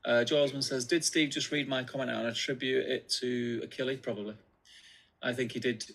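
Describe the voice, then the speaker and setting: A man's voice: medium pitch, steady tone, fairly quick, gravelly, a bit bright. A man co-hosting a casual livestream, reading viewer comments aloud in a laid-back way with many fillers. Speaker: co-host reading chat comments.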